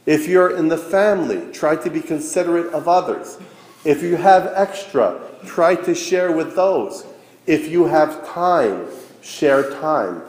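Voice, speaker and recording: A man preaching a sermon as a priest, earnest and deliberate with long pauses. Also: a little high, darkish tone. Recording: echoey church hall.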